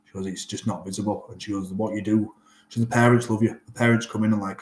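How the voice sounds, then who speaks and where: A man's voice: lowish voice, quick pace. Chatty man in an echoey room. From Northern England. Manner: animated storyteller, acts out quoted exchanges. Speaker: rugby player and guest. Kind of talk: casual interview chat.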